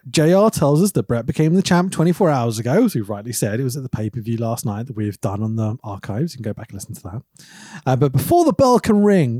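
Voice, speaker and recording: A man co-hosting a podcast in casual chat, animated and quick to laugh. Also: no echo, clean studio sound. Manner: animated, breaks into high laughs and shouted impressions. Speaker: podcast co-host.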